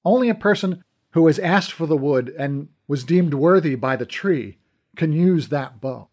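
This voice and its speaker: A man's voice: a little high, lively intonation, measured pace, darkish tone. A man reading a curious young prince. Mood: earnest. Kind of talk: audiobook character reading.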